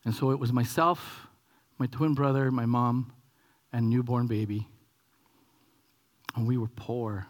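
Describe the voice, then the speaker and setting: During his sermon, a man from Canada in his forties acts out a story from when he was a kid. He alternates quiet whispers with sudden high, excited bursts.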